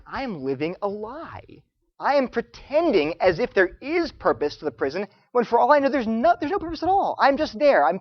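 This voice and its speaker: A man lectures students, his pitch leaping up and down as he builds his stories. He slips into the voices of the people he quotes. The sound is dry and close, a little dull and muffled. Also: dry recording. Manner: animated storytelling, acts out quoted voices. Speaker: Christian apologetics speaker.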